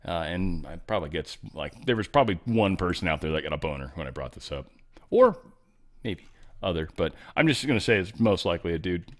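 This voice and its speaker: Low-pitched, sing-song, and brisk, this middle-aged show host delivers casual news commentary. He rambles sarcastically on his talk show, tossing in offhand asides.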